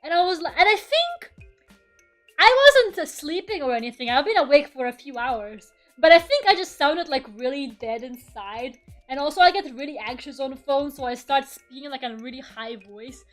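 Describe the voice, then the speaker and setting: Brief: young female streamer, casual and profane, laughs a lot, high voice. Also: lively intonation, moderate pace, soft background music. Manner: swears freely, laughs often, rambling. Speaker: VTuber streamer. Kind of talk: casual chat during an art stream.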